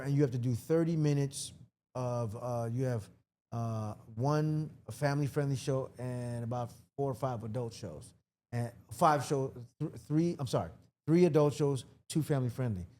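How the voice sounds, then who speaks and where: A man's voice: mid-range voice, dark tone. A man from Washington, D.C., a comedian and actor, chatting loosely as a podcast guest and swearing freely as he tells stories. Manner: loose, profane storytelling with quick acted-out asides. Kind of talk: casual podcast chat.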